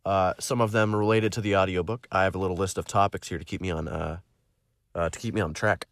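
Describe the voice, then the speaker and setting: A young audiobook narrator who runs a channel talks casually to his listeners after finishing a book, rambling with plenty of fillers and restarts. His low voice is steady, fast and a bit bright, captured in dry, studio-quality sound.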